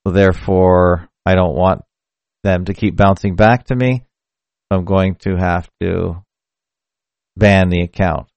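Low-voiced man hosting a rambling stream. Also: fairly even intonation, a little slow, long pauses, darkish tone, no room sound. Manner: rambling, conversational, self-correcting. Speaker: podcast host. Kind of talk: casual solo live-stream talk. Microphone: mic through a hardware audio box.

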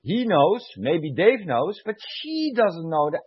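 Heated and emotional, this guest and former army sergeant swears and repeats himself to press his argument in a conversational rant. He sits high in pitch with a sing-song, husky delivery that is slow yet hardly pauses, recorded without echo in dull lo-fi sound.

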